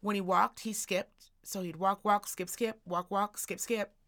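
Speaking a little slowly in a mid-range voice, a woman co-hosting a podcast narrates a long story in relaxed chat. She's animated, acting out each person's voice.

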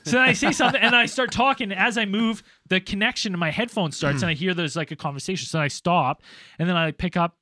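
A young man with a bright, forward voice and a slightly high pitch tells rambling stories on a podcast. His delivery is casual and animated, and he swears freely. The sound is dry and close. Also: fast, no room sound. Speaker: podcast co-host. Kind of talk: casual storytelling.

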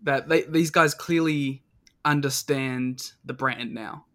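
Enthusiastic man with a mid-pitched voice. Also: steady tone, slow, pushed and bright. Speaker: podcast co-host. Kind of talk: casual chat.

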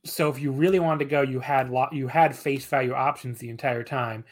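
Guy guesting on a podcast, mid-pitch voice, rambly and self-deprecating, laughs a lot. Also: steady tone, brisk. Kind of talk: casual podcast interview.

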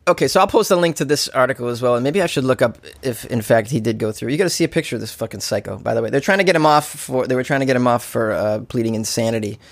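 A man's voice: mid-range voice, quick pace, few pauses, no room sound. Sarcastic, swearing male comedian, dry sound. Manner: sarcastic and profane, often breaking into laughter. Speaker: stand-up comedian. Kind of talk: solo comedic podcast rant.

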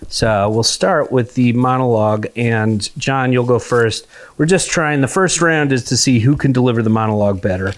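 A man's voice: medium pitch, moderate pace. Playful man hosting a comedy podcast. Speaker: podcast host.

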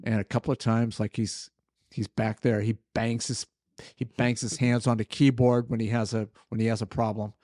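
An older man co-hosting a podcast, telling stories about a book in a measured, easygoing way. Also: mid-range voice, level tone, darkish tone, no echo, studio quality. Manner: measured, storytelling. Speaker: podcast co-host. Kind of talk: casual book discussion.

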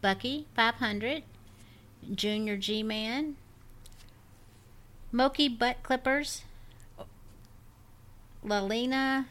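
A woman's voice: a little high, very slow, long pauses, fairly bright tone. A woman co-hosting a podcast, chatting cheerfully and affectionately with listeners. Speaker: podcast co-host. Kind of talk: casual chat.

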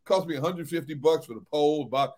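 A middle-aged man co-hosting a sports talk show, telling relaxed stories and chuckling often. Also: on the high side, quick pace. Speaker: sports radio co-host. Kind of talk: casual chat.

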